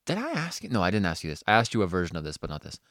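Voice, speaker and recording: A young man from Canada trades banter on a casual podcast, his low voice swinging up and down as he jokes and laughs. He curses loosely and keeps the talk loose and playful. The sound is close and dry. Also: wildly swooping pitch, racing, a bit bright, no room sound. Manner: joking, swears casually, laughs often. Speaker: podcast co-host. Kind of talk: casual chat.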